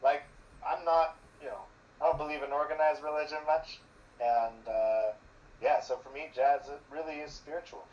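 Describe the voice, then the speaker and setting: A man's voice: a little high, steady tone, normal speed. A man as a guest in a casual chat, talking enthusiastically and rambling with many filler words. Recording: distant dull lo-fi mic with faint noise.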